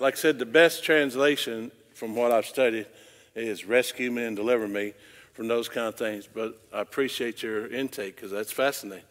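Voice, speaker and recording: A pastor leads a Bible study in a mid-pitched voice. He moves from easy, conversational talk to loud, emphatic preaching. A long church reverb trails behind every phrase. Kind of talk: informal Bible study teaching. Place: church room.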